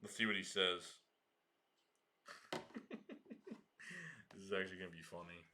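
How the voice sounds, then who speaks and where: A man hosting a casual livestream, slangy and excitable, swearing and laughing often. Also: sits low, unhurried, background noise. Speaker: livestream host.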